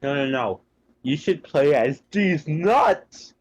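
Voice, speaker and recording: Animated young man with quick quips. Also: a little high, a little hiss or hum. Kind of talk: casual chat.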